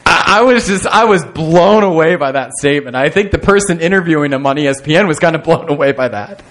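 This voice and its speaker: A man's voice: fairly high pitch, animated, fairly quick, a bit bright, poor audio. Conversational man preaching a sermon. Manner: conversational, self-deprecating, with repeated restarts. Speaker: pastor.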